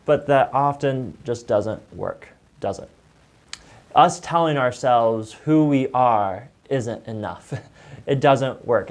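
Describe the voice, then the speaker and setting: A man teaching an online Bible lesson review in a conversational way, with frequent fillers. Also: medium pitch. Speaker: church teacher.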